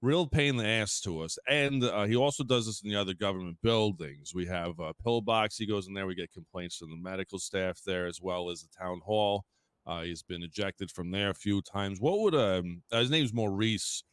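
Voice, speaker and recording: A man's voice: sits low, moderate pace, clean tone, no echo. A man playing a police interviewer in a game role-play, asking questions with many hesitations. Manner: hesitant, filler-heavy questioning.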